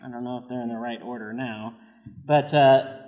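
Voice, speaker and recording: A man hosting a casual party game show, upbeat and quick to laugh, with a habit of repeating himself. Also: mid-range voice, steady tone, phone-quality sound. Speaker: host of a church party show. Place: church hall. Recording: long hall reverb, faint noise.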